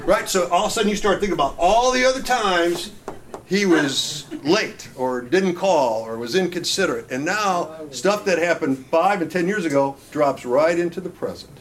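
A man's voice: a little high, lively intonation, normal speed. A middle-aged man presenting a marriage workshop, joking with the audience and constantly checking in with "right?". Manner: jokey, quizzes the audience, keeps asking "right?". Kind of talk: humorous live lecture to couples. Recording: live talk with audible audience. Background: live audience reacting.

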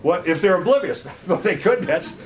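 A middle-aged man with a slightly raised voice leads a marriage workshop in a humorous lecture style. He peppers his points with jokes and keeps asking the room "right?". A live audience is clearly heard around him. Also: high-pitched, expressive, normal speed, a crowd in the background. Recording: live talk with audible audience. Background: live audience reacting.

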